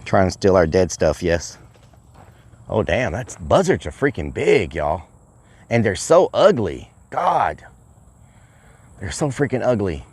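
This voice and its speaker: A man livestreaming outdoors, chatting excitably to his viewers and calling them y'all. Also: low-pitched, a little slow, husky. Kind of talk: casual outdoor livestream chat. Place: outdoors at a rural property.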